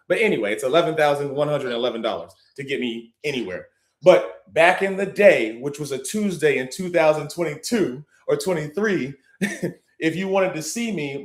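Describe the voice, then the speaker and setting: A man hosting a livestream, hyping the audience and preaching about business, swinging between loud and hushed. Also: a little high, roomy sound. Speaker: livestream host. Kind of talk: hyped livestream talk.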